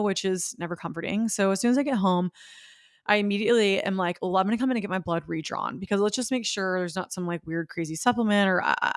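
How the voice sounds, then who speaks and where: A woman's voice: medium pitch, dry recording, clean studio sound. A young woman hosting a podcast, telling a personal story in an earnest, emotional way. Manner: emotional, earnest, quotes others in her own voice. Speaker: podcast host. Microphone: podcast microphone.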